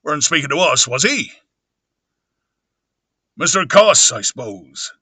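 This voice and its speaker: A man's voice: fairly high pitch, very animated, a little slow, bright, forceful tone, breathy edge, dry recording, exaggerated voice. A man doing a rustic innkeeper. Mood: puzzled. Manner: rustic dialect speech.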